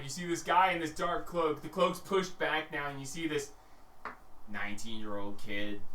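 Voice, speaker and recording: A man running a tabletop game as game master, narrating lively and acting out characters. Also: medium pitch. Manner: lively, acts out characters with shouts and laughs. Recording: echoey room, distant mic, faint hiss.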